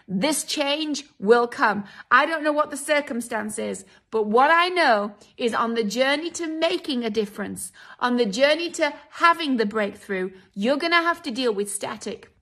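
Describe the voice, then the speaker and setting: High, bright-voiced woman preaching. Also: expressive, moderate pace, hardly any pauses. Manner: emphatic, dramatic quoted voices, direct address to listeners. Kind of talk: sermon.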